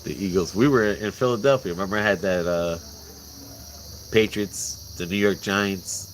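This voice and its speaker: A man's voice: low voice, normal speed, a little hiss or hum. A man from Puerto Rico chatting casually on a vlog, laughing and joking about sports with some swearing. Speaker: vlog host. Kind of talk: casual chat. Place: outdoors in rural mountains at night. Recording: outdoor recording, loud crickets. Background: loud crickets and insects.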